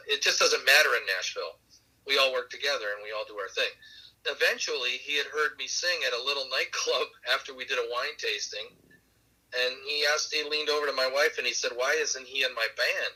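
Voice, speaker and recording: A man recounts his career in an easygoing, anecdotal way, often pausing on fillers and chuckling along. His voice is strikingly bright with a husky grain to it, and it comes over a remote call line. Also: medium pitch, rough recording. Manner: warm anecdotal, laughs along, many fillers. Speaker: musician guest. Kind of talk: relaxed storytelling interview.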